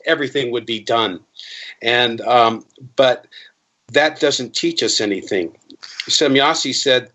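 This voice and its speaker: In a dull lo-fi recording, a man in his fifties chats as an interview guest, telling wandering stories with lots of restarts and vividly acting out quoted voices. He speaks in a mid-range voice at a measured pace, with long pauses.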